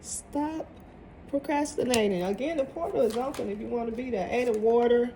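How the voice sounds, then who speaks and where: A woman's voice: a little high, fast, mellow, a little hiss or hum. A woman giving a casual tarot reading to viewers, emphatic and motivational, often repeating her phrases. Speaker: tarot reader.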